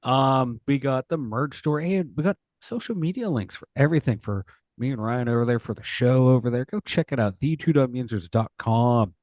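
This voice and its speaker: A man with a Pittsburgh accent co-hosting a sports talk show, relaxed and joking. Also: mid-range voice, moderate pace, dry recording, studio quality. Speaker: co-host. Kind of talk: casual sports chat.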